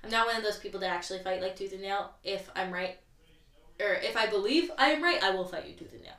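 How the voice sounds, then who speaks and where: A woman's voice: medium pitch, fast, a bit bright, echoey room, recorded from a distance. A woman co-hosting a podcast, chatting casually, joking and swearing as she acts out her own lines. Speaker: podcast co-host. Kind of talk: casual chat.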